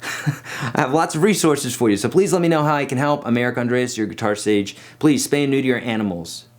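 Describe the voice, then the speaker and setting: Man, middle-aged, guitar teacher, casual video lesson, home studio, chatty, fillers and restarts, mid pitch. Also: fairly quick. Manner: sings pitches to demonstrate.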